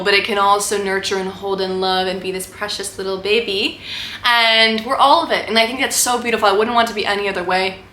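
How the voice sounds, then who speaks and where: A woman's voice: medium pitch, sharp tone. A young adult woman vlogging, talking fervently and rambling, full of "like" and "right?". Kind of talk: impassioned spiritual monologue to camera. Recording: echoey room with faint background noise.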